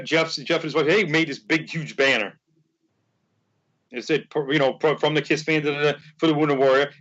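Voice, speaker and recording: A man with a fairly high voice tells a winding story as a podcast guest. He rambles and acts out the dialogue. The sound is dull and lo-fi. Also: fairly bright tone. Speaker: podcast guest, fan charity organizer. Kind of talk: casual storytelling.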